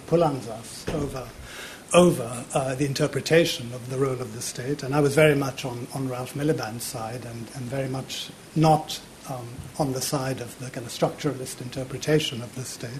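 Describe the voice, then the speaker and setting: A man in his fifties, a university politics lecturer, giving a public lecture in a lecture theatre, often pausing on fillers and repeating words. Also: mid-range voice, a little hiss or hum.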